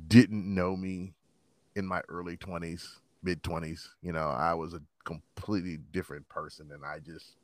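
A man in his thirties telling rough stories in casual chat, swearing and acting out quotes in a higher voice. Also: no room sound, studio quality. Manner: animated storyteller, swearing, acts out quotes in higher voice.

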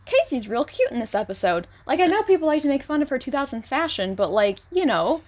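A woman's voice: sits high, big pitch swings, fast talker, few pauses. Gushing young woman from California. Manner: gushing, fillers of "like". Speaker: podcast co-host. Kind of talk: casual chat.

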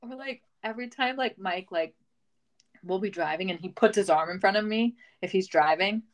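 A woman's voice: mid-range voice, normal speed, poor audio. A young woman co-hosting a casual chat, laughing often and acting out stories with dramatic voices. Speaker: podcast co-host.

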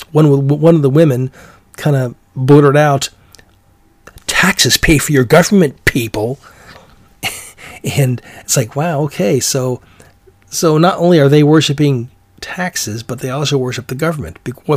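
A commentary podcast host rambles through an opinion monologue, full of fillers and frequent mid-sentence restarts. His voice is middle-pitched, and the recording is dry and close with no room sound.

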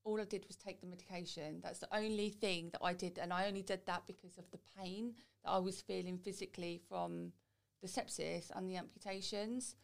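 A woman's voice: on the low side, fairly even intonation, a little fast, vocal fry. A woman guest telling her own story in a chatty, candid way. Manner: chatty, quotes people in little voices.

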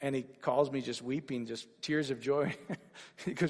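A man preaching a sermon to a congregation, animated and rising to excited exclamations. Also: mid-range voice, moderate pace, long reverb tail, slight background noise.

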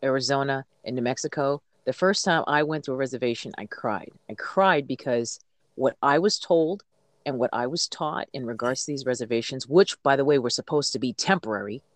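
A truck driver from the United States telling stories in a casual podcast chat, blunt and animated, swearing freely and repeating words when worked up. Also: mid-range voice, brisk, no echo.

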